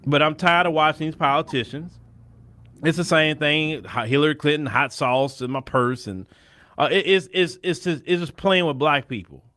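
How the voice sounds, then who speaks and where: A man's voice: on the high side, moderate pace, bright, forceful tone. A man hosting a show of casual political commentary, blunt and opinionated, often restarting his sentences. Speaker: host.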